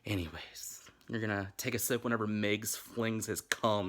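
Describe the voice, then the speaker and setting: Husky sassy man with a Southern accent. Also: fairly low pitch, unhurried, few pauses, fairly bright tone. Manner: sassy, rambling, profane, frequent laughs. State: slightly tipsy. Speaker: vlogger hosting a drinking game. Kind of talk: casual chatty vlog. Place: his bedroom.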